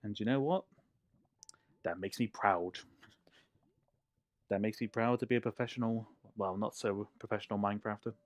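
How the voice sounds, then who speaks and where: A man's voice: fairly low pitch, moderate pace, pauses often, no echo. Playful man chatting on a gaming stream. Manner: playful, chatty, laughs often, talks to chat. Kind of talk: casual livestream chat while gaming. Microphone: desk microphone.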